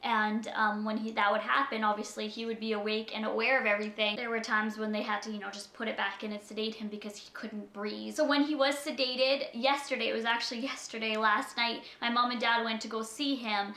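A young woman vlogging unscripted and halting, with many fillers, talking to camera at home. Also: fairly high pitch, flat delivery, bright, forceful tone, echoey room. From Canada. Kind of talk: unscripted personal vlog.

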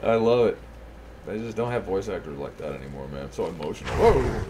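A chatty male streamer talks casually while he plays, laughing often and mimicking the characters. His pitch swings widely, and loud noise runs under his voice. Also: expressive, fast. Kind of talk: casual gaming commentary.

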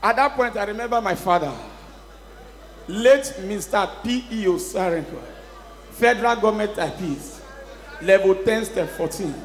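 A man with a Nigerian accent doing a stand-up comedy routine, mixing pidgin English and shouting his punchlines. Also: high voice, normal speed. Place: live show venue with audience. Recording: echoey hall, long reverb.

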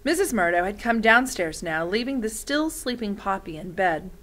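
A woman's voice: mid-range voice, lively intonation, a bit bright, rough recording. Friendly woman reading a novel aloud. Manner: friendly, pauses to explain words. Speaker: reader of a children's novel.

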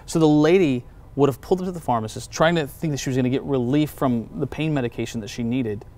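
A man, a pastor, telling personal testimony stories in a relaxed conversation, acting out the voices of the people he quotes. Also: mid-range voice, quick pace. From United States.

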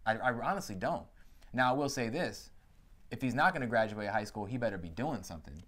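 A man in his thirties co-hosting a casual podcast chat, talking in an animated, emphatic way with a lot of slang. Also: mid-range voice, fairly quick. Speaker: podcast co-host.

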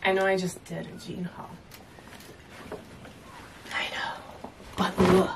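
A woman's voice: on the low side, flat delivery, takes it slowly, in a whisper, distant mic, low-quality recording. A woman chatting casually in a home vlog, rambling and laughing often as she shows off her purchases. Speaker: fitness vlogger showing purchases. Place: at home, indoors.

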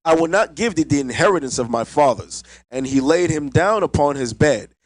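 A man with a somewhat high voice reads old-style scripture aloud, steady and measured. The sound is dry and close. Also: no room sound, low-quality recording. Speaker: scripture reader.

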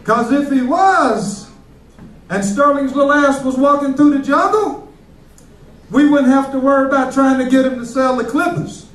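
A man's voice: very high-pitched, moderate pace, a bit bright, reverberant, recorded from a distance, low-quality recording. A male stand-up comedian, telling jokes loosely on a club stage. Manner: loose, joking storytelling.

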